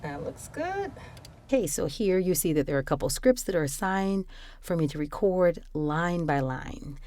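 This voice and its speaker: A woman voice actor talking casually through her home recording process, explaining each step in a quiet room on a studio microphone. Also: fairly low pitch, animated, normal speed. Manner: explanatory, chatty, self-correcting. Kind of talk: casual screen walkthrough. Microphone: studio condenser microphone.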